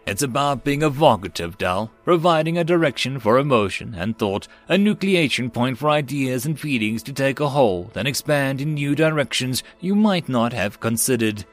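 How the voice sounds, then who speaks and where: A man's voice: medium pitch, expressive, moderate pace, few pauses, soft background music, natural voice. A man voicing a wry, often exasperated human woman diplomat who sighs through her explanations.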